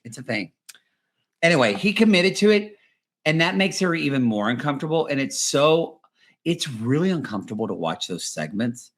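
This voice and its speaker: A man chatting as a podcast guest, animated and gossipy, acting out quotes in funny voices. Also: mid-range voice, normal speed. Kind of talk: casual chat recapping a reality show.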